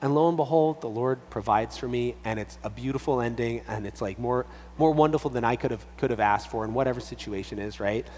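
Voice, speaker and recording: A man, a pastor with a little boy, teaching from the Bible in a relaxed, conversational way, full of restarts and fillers. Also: medium pitch, brisk. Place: church hall. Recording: long reverb, faint hum behind.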